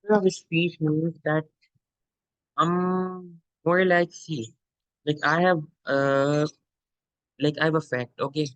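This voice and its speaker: A man's voice: fairly high pitch, steady tone, slow pace, long pauses, smooth, no echo, rough recording. A male literature teacher giving an explanatory lecture, repeating points and checking in with "okay?" and "my dear.". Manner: addresses listener as "my dear".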